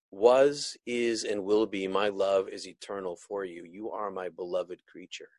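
A man giving an earnest, emotional personal testimony, halting often and restarting his sentences. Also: fairly low pitch, a little mellow, dry recording. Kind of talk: personal testimony of a near-death experience.

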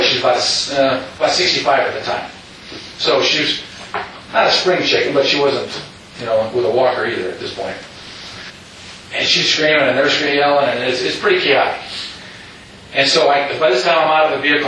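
A man's voice: medium pitch, fast, background noise. A middle-aged man telling a personal story to an audience, rambling with many asides and restarts. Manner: rambling, with frequent "you know" asides and restarts. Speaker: speaker telling his story. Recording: echoey hall, distant mic.

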